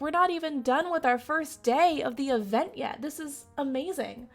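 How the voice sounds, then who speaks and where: Excitable high-voiced woman streamer. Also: moderate pace, hardly any pauses, soft background music. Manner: excitable, laughs often, talks to chat. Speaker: charity stream host. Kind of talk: casual live-stream chat.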